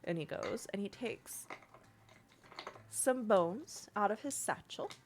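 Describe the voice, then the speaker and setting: A woman's voice: medium pitch, lively intonation, slow, slight background noise. A woman narrating as game master in a casual, rambling way. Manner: casual, rambling, filler-heavy.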